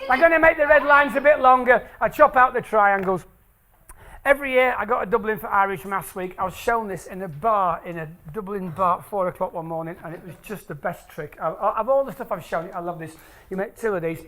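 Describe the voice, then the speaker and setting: Playful English man with a bright voice. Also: high voice, brisk. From England. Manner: playful, jokey, teasing the crowd. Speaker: presenter. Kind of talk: lively talk to a family audience. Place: lecture hall with audience.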